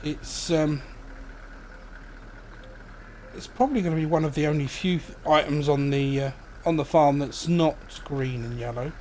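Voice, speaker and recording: A little hiss or hum sits under this fairly high male voice at normal speed. The streamer rambles casually through his farming game, relaxed and dropping lots of ums and tangents.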